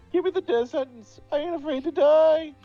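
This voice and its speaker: A woman's voice: high voice, gravelly, warm tone, dull audio. A woman voicing a melodramatic young man in despair, in a live fan dub of a game. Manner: wailing, over-the-top despair. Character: distraught young man, melodramatic, accused of murder.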